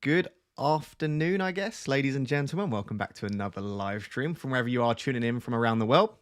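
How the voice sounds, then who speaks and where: A man's voice: mid-range voice, lively intonation, quick pace. A man hosting a casual live stream, chatting and greeting his viewers by name from a small home room. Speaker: fantasy football streamer. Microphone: webcam close on face.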